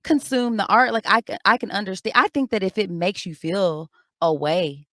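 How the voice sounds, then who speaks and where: A woman's voice: medium pitch, moderate pace, no room sound, studio quality. A young adult woman co-hosting a book club podcast, talking bluntly with plenty of swearing and acting out little scenes. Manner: blunt, profane, animated storytelling. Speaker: podcast co-host. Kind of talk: casual book club chat.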